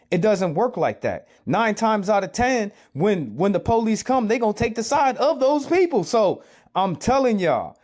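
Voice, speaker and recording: High-voiced man lecturing urgently. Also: a little mellow. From United States. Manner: urgent, lecturing, repeats himself. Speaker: commentator reacting to a clip. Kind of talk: preachy social commentary.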